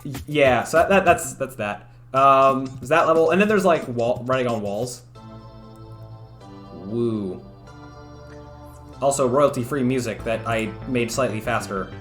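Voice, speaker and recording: A man's voice: medium pitch, moderate pace, few pauses, faint music behind. A man streaming late at night, chatting casually and self-deprecatingly with many fillers, keeping his voice down. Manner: talks quietly at night. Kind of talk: casual livestream chat.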